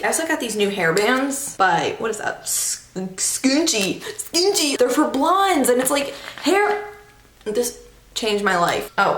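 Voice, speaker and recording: A woman's voice: mid-range voice, slight background noise. A woman in her twenties chatting casually while doing her makeup, self-deprecating and loose with slang. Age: 20s. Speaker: beauty vlogger. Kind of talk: casual get-ready-with-me chat. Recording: echoey room.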